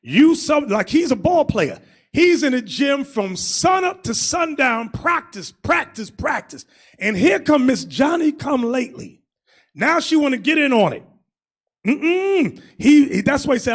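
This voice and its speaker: Loud high-voiced preaching man. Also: very animated, measured pace. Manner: preachy, shouting bursts, swings loud and soft. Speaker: street preacher. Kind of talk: street sermon commentary.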